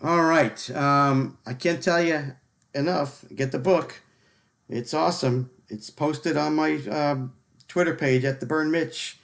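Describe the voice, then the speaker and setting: A man hosts a live sports show in a loose, casual way. He stops often with ums and repeats his words, and his voice sits a little high. He laughs easily with his guest. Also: fairly even intonation, vocal fry, fairly bright tone. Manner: filler-heavy, repeats words, quick to laugh. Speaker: podcast host.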